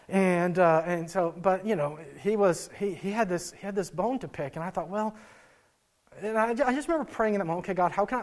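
A young adult male pastor giving an earnest sermon, telling a story with frequent restarts. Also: sits high.

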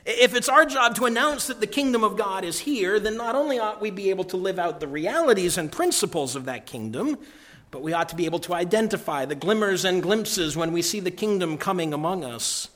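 Male pastor, sermon delivery, slightly raised pitch, emphatic with loud-to-hushed swings and repeated phrases. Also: lively intonation, a little fast.

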